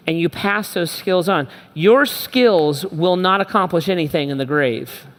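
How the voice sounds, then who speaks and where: Emphatic male pastor in an echoey church hall. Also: high voice. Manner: conversational, emphatic, repeats phrases. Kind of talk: sermon. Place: church auditorium.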